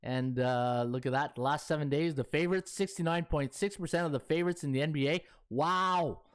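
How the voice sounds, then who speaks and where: A man's voice: fairly high pitch, a little fast, clear, resonant tone. A man hosting a sports betting podcast, chatting in a folksy way with lots of fillers. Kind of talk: casual chat.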